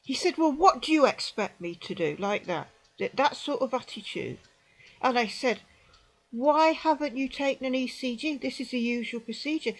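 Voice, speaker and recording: An older British woman speaks to camera in her sixties, her voice sitting somewhat high. She tells her story emphatically, repeating herself for stress and sometimes dropping to a quieter aside. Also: low-quality recording. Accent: British English. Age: 60s. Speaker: vlogger recounting an experience. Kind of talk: indignant personal account to camera.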